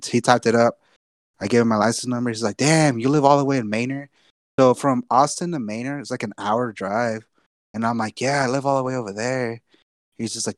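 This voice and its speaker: A man's voice: mid-range voice, no room sound, clean studio sound. Casual, swearing young man telling a story. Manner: loose, profane, repeats himself. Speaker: podcast co-host.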